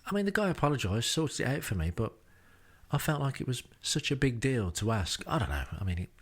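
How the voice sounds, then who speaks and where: A man hosting a podcast, narrating a travel diary in a dry, self-deprecating way with wry asides. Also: medium pitch. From England. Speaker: podcast host. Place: rented home.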